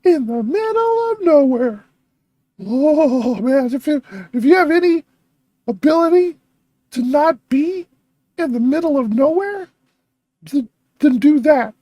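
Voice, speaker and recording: A woman hosting a reaction video, thinking aloud with excitable chatter and frequent laughs. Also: high-pitched, slow pace, pauses often, no echo.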